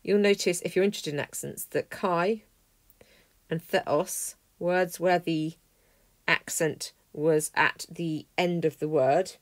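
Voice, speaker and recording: A woman teaching a language lesson, explaining clearly and methodically, working through a text word by word. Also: on the low side, fairly even intonation, slow, no room sound. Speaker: Greek teacher. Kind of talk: lesson walkthrough.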